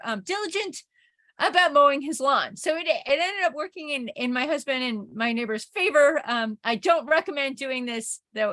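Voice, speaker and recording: A woman's voice: fairly high pitch, sharp tone. A woman professor giving an informal recorded lecture, telling a neighborhood anecdote in a chatty way, full of "like" and "right?". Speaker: communication professor.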